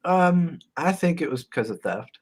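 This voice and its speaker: A man's voice: animated, a little slow, slightly rough. A man telling stories as a guest in a casual podcast chat, laughing often. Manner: laughs often, rises high when acting out stories.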